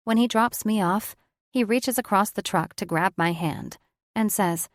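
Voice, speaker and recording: A woman narrating an audiobook in first person, her voice sitting at an ordinary middle pitch. She reads in a reflective, conversational way, close to the mic in a dry, dead room. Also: a little slow, no room sound.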